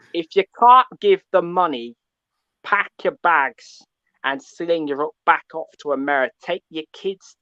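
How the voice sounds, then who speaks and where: A man calling in to a fan show, ranting in an animated, preachy way and often asking "yeah?". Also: on the high side, dry recording, highs cut off. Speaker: caller. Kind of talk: call-in fan rant.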